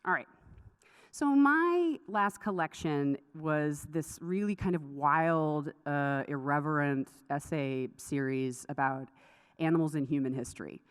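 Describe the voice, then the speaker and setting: A woman delivers a conference lecture in a low voice. She talks in a chatty way, breaking off into asides and laughing at herself. Her voice carries through a hall with a long reverb. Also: lively intonation, unhurried, clear, resonant tone.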